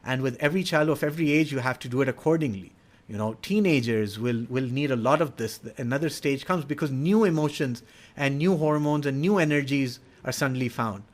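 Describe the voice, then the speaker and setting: A man's voice: medium pitch, brisk. A middle-aged man explaining child development in an earnest, instructive way, sometimes acting out what a parent or child would say. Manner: earnest, acts out parent-child dialogue in quoted voices. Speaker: educator speaking on child development. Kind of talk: explanatory talk.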